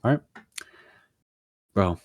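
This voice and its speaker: A man in his twenties on a podcast, telling a story in an animated, profane rant and acting out what people said. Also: extremely slow, slight background noise. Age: 20s. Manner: animated, profane ranting with acted-out quotes. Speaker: podcast co-host. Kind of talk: casual storytelling chat.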